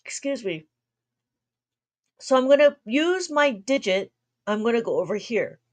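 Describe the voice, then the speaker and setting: A woman's voice: fairly high pitch, animated. Chatty woman teaching abacus math. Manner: chatty, laughs often, talks fast, tries to slow down. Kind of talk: livestream math lesson.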